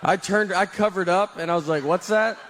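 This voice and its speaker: Southern male stand-up, fairly high voice, dry deadpan delivery, live set with audible crowd noise. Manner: slow, deadpan storytelling with trailing pauses. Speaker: stand-up comedian. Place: comedy stage with live audience. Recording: noisy live audience recording.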